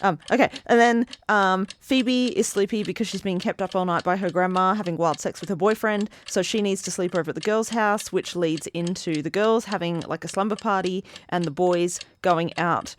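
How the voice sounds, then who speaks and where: A woman's voice: fairly low pitch, moderate pace, few pauses. A woman in her thirties co-hosting a casual podcast, an enthusiastic fan who giggles often as she talks. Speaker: podcast co-host.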